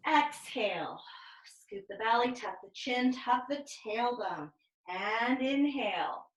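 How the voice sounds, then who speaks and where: A woman leading a pilates class over a video call, giving calm step-by-step cues and counting reps. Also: fairly high pitch, slow pace, reverberant, low-quality recording. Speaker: pilates instructor. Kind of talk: guided exercise class cues.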